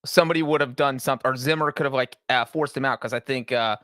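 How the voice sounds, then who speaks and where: A man's voice: mid-range voice, fast talker, pushed and bright, no room sound. Man, co-host, casual sports podcast, analytical, step-by-step reasoning, dry close recording. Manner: analytical, lays out points step by step.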